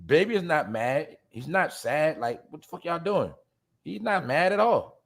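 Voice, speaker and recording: A man's voice: a little high, lively intonation, measured pace, a bit bright. A man hosting a show, delivering blunt, profane commentary, calling out to his listeners as y'all and laughing at his own jabs. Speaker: show host. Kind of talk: ranting commentary.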